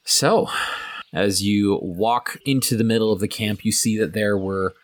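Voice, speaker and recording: A man's voice: fairly low pitch, a little slow, dry recording. A man narrating as game master in a tabletop game, loose and casual with many fillers.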